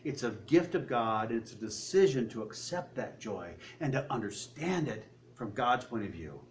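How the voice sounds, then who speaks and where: A man preaching a sermon, swinging between loud, high peaks and low, quiet asides. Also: animated, normal speed, a little hiss or hum.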